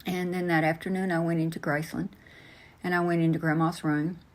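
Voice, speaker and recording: Older woman, low voice, halting storyteller answering interview questions. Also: little pitch movement. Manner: slow, halting, many fillers and restarts. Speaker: interview guest.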